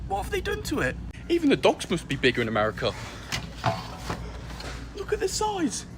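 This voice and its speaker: Man, high and very lively, amazed supermarket vlog with loud noise all around. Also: normal speed. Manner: incredulous, exclaiming. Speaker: vlogger. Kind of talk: shopping vlog. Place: large supermarket indoors.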